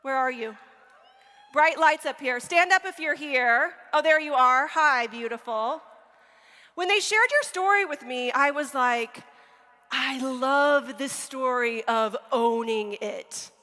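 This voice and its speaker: A woman in her forties giving a motivational keynote on stage, energetic and full of stories and questions to the audience. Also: sits high, a little slow. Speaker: keynote speaker. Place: large hall on stage. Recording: long hall reverb.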